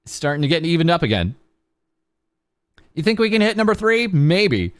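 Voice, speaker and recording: On the high side and swinging widely in pitch, this young man's voice comes at a moderate pace with no echo. He's a VTuber on a charity livestream, chatting casually, rambling, joking at his own expense, and filling gaps with ums and uhs.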